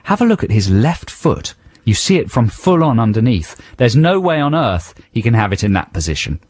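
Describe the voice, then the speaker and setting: A man hosting a radio show, chatting casually with dry, deadpan banter. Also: medium pitch, normal speed, no echo. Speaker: radio host. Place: radio studio. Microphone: studio mic.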